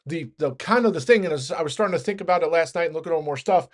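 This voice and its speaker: A man giving a quick, rambling daily stock market rundown, talking fast and often correcting himself. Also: a little high. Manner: rapid, rambling, self-correcting.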